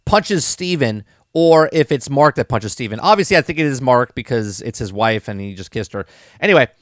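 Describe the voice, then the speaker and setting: A man's voice: medium pitch, fairly bright tone, no room sound, studio quality. A man hosting a live-stream podcast, reviewing a TV episode in casual talk, rambling, repeating words and often checking in with "right?".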